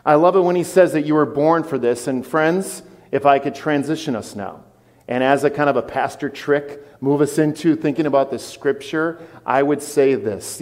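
A man preaching a sermon as pastor, animated and conversational with his congregation. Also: medium pitch, normal speed, long reverb tail. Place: church.

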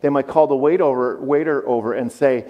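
A man's voice: mid-range voice, a little fast, highs cut off. A man preaching a sermon, playful and engaging the congregation, acting out voices. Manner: playful, audience-engaging, acts out quoted voices. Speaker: pastor. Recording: long reverb of a large hall.

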